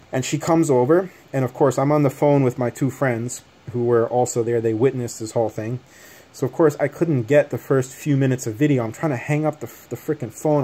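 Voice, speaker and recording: Man, vlogger, middle pitch, agitated, rambling, fillers and restarts. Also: mellow. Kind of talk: casual storytelling to camera.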